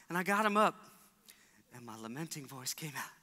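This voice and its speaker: A man's voice: big pitch swings, normal speed, pauses often, sharp tone. A man preaching a sermon as pastor, telling stories and acting out the voices in them. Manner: storytelling, acts out voices with big pitch jumps. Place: church sanctuary. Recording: long church hall reverb.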